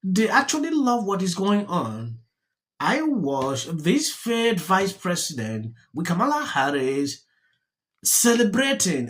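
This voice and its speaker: A man talks through his opinions slowly, with a lively rise and fall in pitch. He presses his points emphatically and repeats them. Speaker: commentary vlogger. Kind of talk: opinion commentary.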